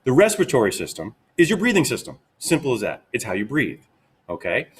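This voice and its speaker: A man giving a lively, casual science lesson to kids, checking in often with "okay?". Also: medium pitch, brisk, breathy edge. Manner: energetic, upbeat, repeats "okay?" often. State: out of breath. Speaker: teacher.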